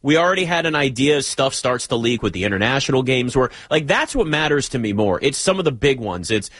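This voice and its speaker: A man hosting a live sports talk show, talking in an animated, joking way with rambling asides. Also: medium pitch, fast, no room sound. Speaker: radio sports talk host.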